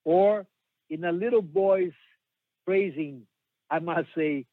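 Guy preaching real slow, kinda high voice, tinny phone-ish dry audio. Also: no echo. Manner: slow, emphatic preaching with long pauses. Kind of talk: sermon.

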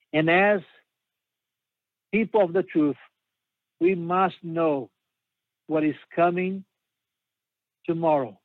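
A man preaching a sermon slowly and emphatically, pausing often between phrases. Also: a little high, no room sound. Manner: slow, emphatic preaching with long pauses. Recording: dry, tinny phone-like sound.

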